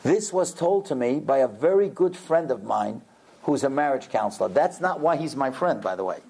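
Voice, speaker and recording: A man's voice: medium pitch, expressive, moderate pace, creaky, warm tone, slightly rough. A man giving a religious lecture, telling a story dramatically and acting out the people in it. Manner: dramatic storyteller who acts out characters. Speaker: rabbi lecturer.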